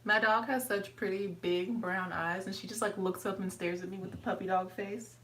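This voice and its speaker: Woman vlogger, casual and chatty; bright tone, recorded a little off-mic with faint hiss. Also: fairly even intonation, normal speed, distant mic, low-quality recording. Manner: chatty, talks to her dog in a high sweet voice. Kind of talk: casual hair tutorial chat.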